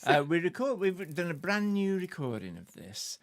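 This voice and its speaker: A man co-hosting a music chat stream, talking casually and pausing often with fillers. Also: sits high, big pitch swings, no room sound. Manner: hesitant, full of "uh" fillers. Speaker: co-host, singer-songwriter.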